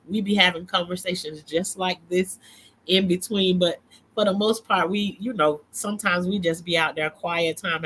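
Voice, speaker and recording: A middle-aged woman with a way of speaking talks to her viewers in a loose, rambling vlog. Her voice is bright and clear, and she breaks into laughter often. A faint ambient hum sits under her voice. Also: fairly low pitch. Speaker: vlogger. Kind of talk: casual talk to camera.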